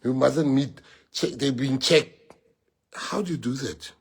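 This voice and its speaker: Slow and creaky, with a husky mid-range voice, a middle-aged South African party leader speaks to supporters on a livestream in a South African accent. He rallies them emphatically and repetitively, weaving in Afrikaans phrases.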